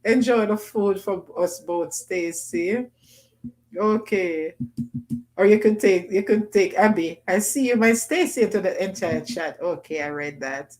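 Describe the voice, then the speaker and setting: Woman, livestream host, casual chat, patois phrasing, mid-pitched voice, close mic. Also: unhurried, darkish tone, rough recording. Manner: chatty, laughs often, Jamaican patois phrasing. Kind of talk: casual livestream chat, reading comments aloud.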